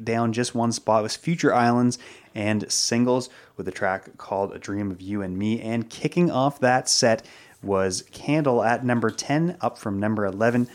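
A man's voice: medium pitch, a little mellow. Twenty-something guy doing a radio countdown, chill and chatty, studio mic. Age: 20s. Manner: easygoing, laughs at himself. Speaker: radio co-host. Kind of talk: chart countdown radio chat. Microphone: studio microphone.

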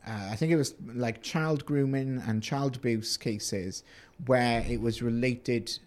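A man's voice: mid-range voice, fairly even intonation, measured pace. A man co-hosting a casual news chat podcast, talking in a chatty way with joking asides and frequent restarts. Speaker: podcast co-host.

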